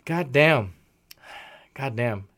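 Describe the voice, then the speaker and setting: A man hosting a casual music review chat, excitable and quick to laugh. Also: mid-range voice. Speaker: podcast host.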